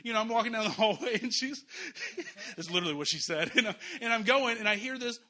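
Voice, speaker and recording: A man with a high, bright voice preaches a sermon in a church. He talks to the congregation conversationally, chuckling now and then and repeating his key phrases. His tone has a forceful, sharp edge. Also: expressive, fast talker. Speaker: pastor.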